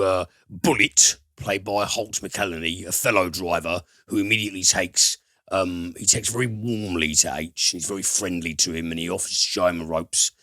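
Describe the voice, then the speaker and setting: Man, very low voice, bright and forceful tone, dry close sound, casual film podcast chat, halting with lots of fillers. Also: dry recording. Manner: hesitant, filler-heavy plot retelling with casual swearing. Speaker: podcast host, film reviewer.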